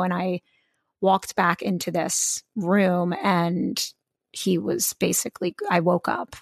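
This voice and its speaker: A woman's voice: fairly low pitch, takes it slowly, vocal fry, dry recording, studio quality. A woman co-hosting a podcast in casual, rambling chat, full of fillers and restarts. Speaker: podcast co-host.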